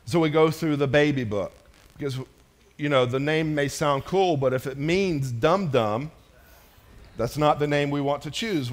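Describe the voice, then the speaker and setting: A joking, chatty pastor preaching. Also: male voice, a little high. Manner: conversational and joking, addressing a congregation. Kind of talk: sermon.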